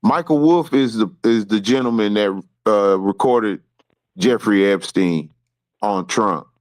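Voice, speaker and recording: A man's voice: fairly low pitch, unhurried, a little mellow. A man on a call-in show who stammers while trying to break into a heated argument, with bursts of insults. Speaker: call-in participant.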